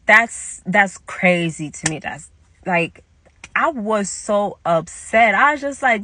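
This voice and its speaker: Young woman w/ doing a storytime, animated, acts out the quotes, bright voice. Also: mid-range voice, unhurried, no echo. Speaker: vlogger telling a story. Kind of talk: casual storytime monologue.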